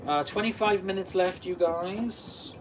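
A man's voice: sits high, unhurried, noisy background. A Welsh man in his forties hosting a live stream, reading out viewer comments and answering them in a chatty way. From Wales. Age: 40s. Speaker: channel host.

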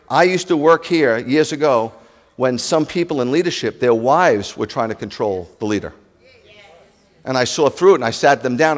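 A man, a rabbi preaching to his congregation in an animated, joking way and speaking straight to the listeners. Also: mid-range voice. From New York. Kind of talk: sermon.

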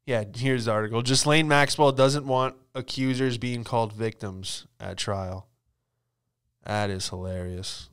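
A man's voice: mid-range voice, steady tone, unhurried, a bit bright, smooth. A man hosting a comedy podcast, riffing and joking loosely about news, profane and laughing often. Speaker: podcast host. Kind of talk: casual comedic chat.

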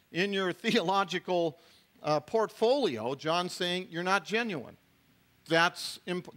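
A man's voice: high voice, pushed and bright. A middle-aged man, a pastor, preaching a sermon in a conversational way, with frequent restarts and asides to the congregation.

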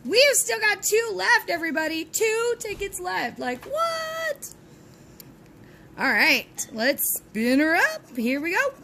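Bright, lively woman vlogger. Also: extremely high pitch, unhurried, few pauses, a little hiss or hum. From Texas. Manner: chatty and cheerful, chanting encouragement to herself. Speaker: host of a lottery scratch-off channel. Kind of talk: casual chat to viewers while scratching tickets. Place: at home, with dogs nearby.

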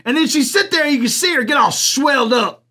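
A man's voice: very high-pitched, lively intonation, fast talker, sharp tone, exaggerated voice. A man playing a crude, blunt commentator with a drawl, laughing at his own jokes in an improvised comedy bit. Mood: crude ranting. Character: crude rural Southern man, blunt, loud-mouthed. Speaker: comic commentator persona.

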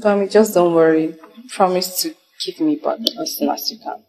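An actress playing a trusting young woman with a Nigerian accent, soft and worried. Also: on the low side, moderate pace, a little hiss or hum, lightly acted, rough recording.

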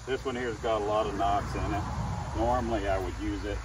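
A man's voice: lowish voice, steady tone, fairly quick, recorded from a distance, noisy background. A middle-aged man, a chainsaw woodcarver, telling chatty folksy stories with chuckles as he demonstrates his craft. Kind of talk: casual storytelling demo.

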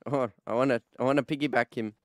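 A man's voice: medium pitch, fairly even intonation, quick pace, no echo. A man roleplaying a character in an online game, brashly taunting another player and ending nearly every line with "mate". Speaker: streamer playing a roleplay character.

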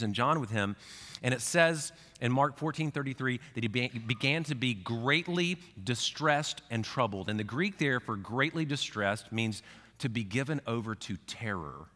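A male pastor preaching to his congregation in a plain, mid-pitched voice. He talks conversationally and moves between hushed, tender passages and fervent, climbing emphasis. His voice rings with a long reverb from the church sanctuary. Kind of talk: sermon.

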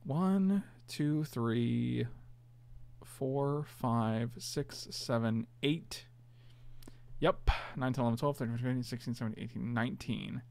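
A man's voice: medium pitch, unhurried, gravelly, a little mellow. A man casually commentating his own online card game, chatty and self-mocking, groaning at his bad draws.

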